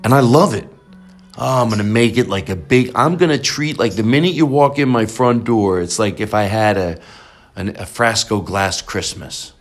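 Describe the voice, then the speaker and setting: A man hosting a podcast in excited casual chat, rambling and jumping up in pitch. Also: moderate pace, faint music behind. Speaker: podcast host.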